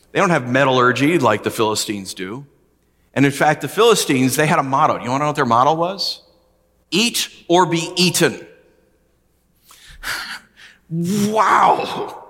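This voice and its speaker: A man's voice: mid-range voice, pushed and bright, long reverb tail. A man from the United States preaching a sermon, telling stories animatedly and acting out his own past words. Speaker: pastor.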